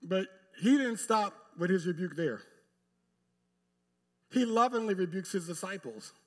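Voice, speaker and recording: In a church, a male pastor delivers a sermon to a live congregation, speaking emphatically with long pauses and addressing the pews directly. His voice is high-pitched with a sing-song quality.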